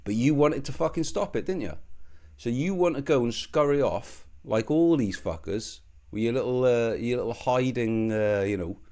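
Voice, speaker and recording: A man's voice: medium pitch, moderate pace, hardly any pauses, mellow. A man giving a profane, rambling video commentary, with a sardonic edge and a mock accent put on. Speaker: online commentator.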